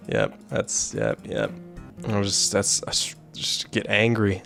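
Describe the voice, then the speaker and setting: A man with a fairly low voice gives casual let's-play commentary over a game. He drops sarcastic, joking asides as he plays. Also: big pitch swings, takes it slowly, gravelly, a bit bright, soft background music. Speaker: gaming streamer.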